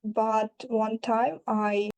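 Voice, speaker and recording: Non-native female candidate, slow halting answers, mellow raised voice, video call. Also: on the high side, flat delivery, poor audio. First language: not English. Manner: hesitant, halting basic English. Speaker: IELTS candidate. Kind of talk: answering test questions.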